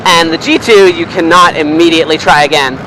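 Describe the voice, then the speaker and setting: A young man, chatting casually and swearing freely while driving, rambling and excitable. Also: fairly high pitch, brisk, low-quality recording. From Canada. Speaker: vlogger. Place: inside a car, driving in city traffic. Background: faint car and road noise.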